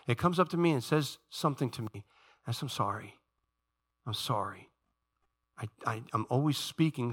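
A male pastor with a medium-pitched voice preaches a sermon in a church. He moves between quiet, conversational asides and emphatic, rising peaks.

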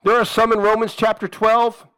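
A man's voice: high voice, little pitch movement, normal speed, fairly bright tone, clean tone, poor audio. A male pastor preaching a conversational sermon, asking the congregation direct questions and repeating phrases for emphasis.

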